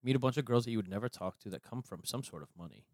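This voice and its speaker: A man co-hosting a casual podcast chat, joking and animated. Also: mid-range voice, racing. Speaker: podcast co-host.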